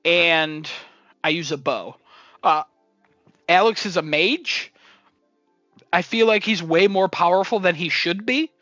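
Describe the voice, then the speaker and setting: A man's voice: sits high, slow, long pauses, bright, forceful tone, dry recording, soft background music, rough recording. A young man casually telling a funny story about his video game, acting out quotes and laughing often. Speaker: podcast co-host.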